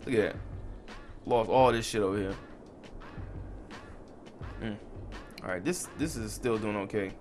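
A man's voice: on the low side, unhurried, pauses often. Young male gaming host, casual and profane commentary over faint game music. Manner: frustrated, swears a lot, talks to the viewers. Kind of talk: casual let's-play commentary.

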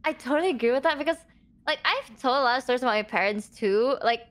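A woman's voice: sits high, quick pace, a bit bright. A woman streamer in casual chat, easygoing and supportive. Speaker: streamer guest.

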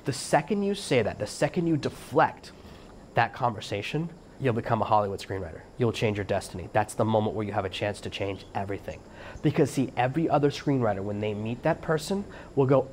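A man's voice: medium pitch, lively intonation, darkish tone, slight background noise. A middle-aged man hosting a solo podcast, giving emphatic coaching advice and acting out little bits of dialogue. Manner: fast-talking, emphatic coaching tone; acts out quoted dialogue. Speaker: podcast host.

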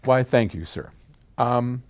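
A man's voice: mid-range voice, slow pace, clean tone. An older man casually answering a viewer's question, chatty and prone to tangents. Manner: chatty, wanders off on tangents, laughs at himself. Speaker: audio company founder answering viewer questions. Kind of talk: casual chat.

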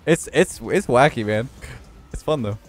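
A man giving excited, casual commentary while playing a video game with a friend, with loud bursts of cheering and laughter. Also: medium pitch, measured pace. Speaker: gaming channel host.

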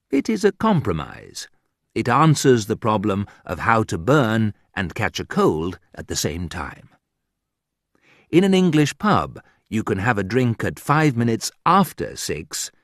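Slow, wry male narrator with a lively voice. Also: no room sound, studio quality. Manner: wry, slow, deliberate storytelling that jumps high for quoted remarks. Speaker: audiobook narrator. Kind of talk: scripted reading of a graded reader.

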